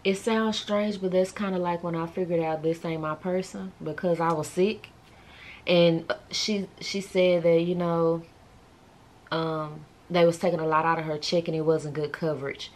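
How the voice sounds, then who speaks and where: Lady vlogger chatting to the camera, lowish voice, bit of room hiss. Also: fairly even intonation, normal speed, darkish tone. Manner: chatty, talks straight to viewers; subdued and emotional. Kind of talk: casual vlog chat.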